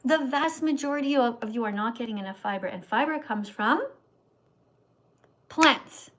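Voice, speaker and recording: A woman's voice: fairly high pitch, normal speed, fairly bright tone, low-quality recording. Preachy woman lecturing like a teacher. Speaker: vegan livestream host. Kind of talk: livestream chat, answering viewer questions.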